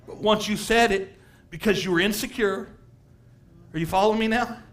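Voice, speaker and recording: A middle-aged man preaching a sermon as pastor, animated, laughing and acting out quotes from people. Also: sits high, normal speed.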